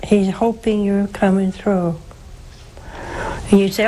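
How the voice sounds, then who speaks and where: Slow, emphatic older nun preaching. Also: female voice, steady tone, dark tone, a little hiss or hum, rough recording. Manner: slow, emphatic, rises high for stress. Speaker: nun hosting a call-in TV show. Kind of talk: sermon and call-in counsel.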